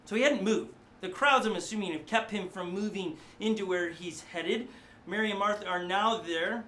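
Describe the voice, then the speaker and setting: A middle-aged male pastor preaching a sermon in a studio, animated and conversational, often acting out voices. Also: high-pitched, normal speed, a little hiss or hum.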